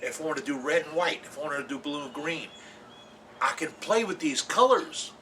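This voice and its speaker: A man hosts a woodturning lesson, his voice bright and fairly high, swinging widely in pitch. He hammers home points by repeating them and drops in jokey asides. He sits some way back from the mic, with a faint hiss of room ambience behind him. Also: lively intonation, normal speed, far from the mic. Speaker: woodturning show host. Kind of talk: folksy instructional talk to camera.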